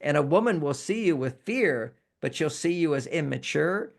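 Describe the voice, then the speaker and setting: A relationship expert in an interview, this man explains emotions and acts out example phrases as if quoting them. His voice is a little high with some vocal fry, and he speaks at a moderate, animated pace.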